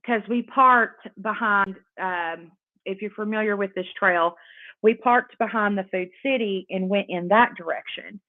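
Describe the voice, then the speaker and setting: A woman in her thirties with a drawl spins a meandering, cuss-filled story, leaning on "like" at every turn. Her voice sits at an ordinary middle pitch. It comes through thin and boxy, as if over a phone line. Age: 30s. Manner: rambling, profane, heavy use of "like". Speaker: live-stream host. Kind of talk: casual storytime. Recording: tinny phone-like audio.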